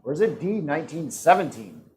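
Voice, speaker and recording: A man's voice: on the high side, big pitch swings, fairly quick, darkish tone, a little hiss or hum, low-quality recording. A man hosting a live-streamed trivia game, reading questions and answer options in a playful, teasing way. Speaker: trivia host.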